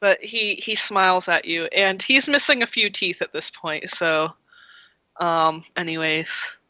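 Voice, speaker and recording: A woman running a tabletop game as game master, narrating in a chatty, halting way. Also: fairly low pitch, bright, forceful tone, no room sound, low-quality recording. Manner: chatty, hesitant with fillers.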